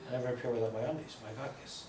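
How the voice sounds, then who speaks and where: A man's voice: mid-range voice, steady tone, very fast, darkish tone. A man who is a rabbi, giving a chatty, digressive lecture full of stories and joking asides to a small audience. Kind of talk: informal lecture with storytelling. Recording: echoey room from far off, faint noise.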